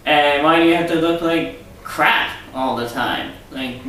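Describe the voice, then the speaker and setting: A man's voice: medium pitch, fairly bright tone, distant mic. Sarcastic ranting man in an echoey room. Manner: sarcastic, rambling rant. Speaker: vlog host. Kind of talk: casual vlog monologue. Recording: echoey room, off-mic, faint hiss.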